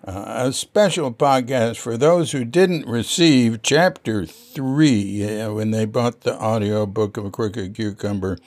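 A man reading a biography aloud as an audiobook narrator. His voice sits at a middling pitch. He takes his time and keeps an even, measured delivery. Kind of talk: scripted narration.

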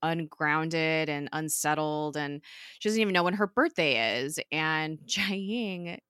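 A woman's voice: sits low, takes it slowly, a bit bright, clean tone, no echo, studio quality. A woman casually recapping a TV episode in a chatty, emotional way, full of fillers like "like" and "um".

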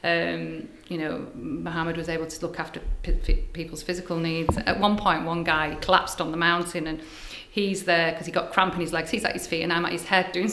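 Older woman healer, animated storyteller with a bright voice, recorded in a roomy space. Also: on the low side, a little hiss or hum. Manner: animated, breathy storyteller, drops to hushed asides. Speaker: spiritual healer, guest. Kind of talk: casual storytelling interview. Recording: echoey room.

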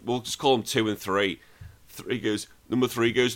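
A man's voice: medium pitch, brisk, fairly bright tone. A man hosting a podcast, retelling a movie scene by scene in casual, profane chat. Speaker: podcast host.

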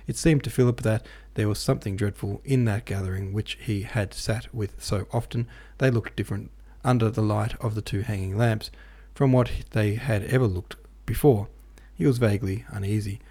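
A man reading a classic novel aloud as an audiobook narrator, with a measured, even delivery. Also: on the low side, breathy edge. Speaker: podcast host and audiobook reader.

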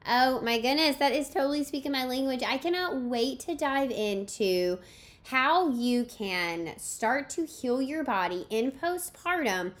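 A woman's voice: sits high, animated, unhurried. A woman hosting a podcast, introducing her guest with bubbly enthusiasm. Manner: enthusiastic, effusive. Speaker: podcast host. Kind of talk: podcast interview.

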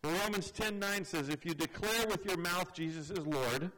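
A man preaching a sermon in an earnest, conversational way, dropping his voice low for emphasis. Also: normal speed, a bit bright, low-quality recording. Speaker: pastor.

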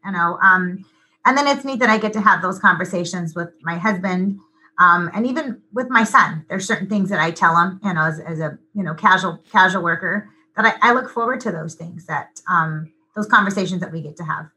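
A woman's voice: lowish voice, moderate pace, bright, forceful tone, slightly rough, rough recording. A middle-aged woman, a union business agent, talking casually in an interview with many ums and restarts.

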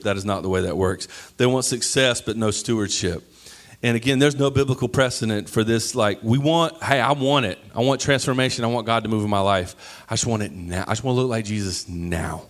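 A man preaching a lively, conversational sermon, joking with the congregation and acting out quoted voices. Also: on the low side. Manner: animated, acts out quoted voices, jokes with the congregation.

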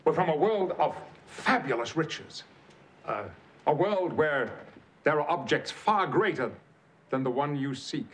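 Commanding captain in detective garb, highish and animated, faint ambience. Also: male voice, a little slow, a little hiss or hum. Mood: earnest. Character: starship captain posing as a 1940s private detective. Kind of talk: TV drama acting. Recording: faint background ambience from a TV episode.

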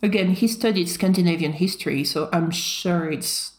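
A woman co-hosts a casual podcast, chiming in with brief remarks and agreement. Her voice sits low for a woman. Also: moderate pace, a little mellow. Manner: chimes in with short remarks and agreement. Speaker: podcast co-host.

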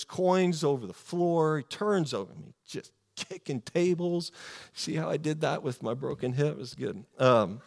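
A man preaching a sermon in a casual, animated storytelling way, with many fillers and restarts. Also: fairly high pitch. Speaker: pastor.

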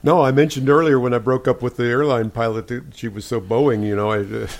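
A man co-hosting a comedy podcast, delivering pun after pun in a dry, deadpan way. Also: medium pitch, fairly quick. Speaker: podcast co-host. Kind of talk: pun-filled comedy banter.

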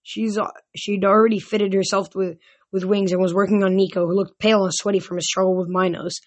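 A woman's voice: medium pitch, level tone, brisk. A woman reading a novel aloud, stumbling now and then and restarting words. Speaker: reader.

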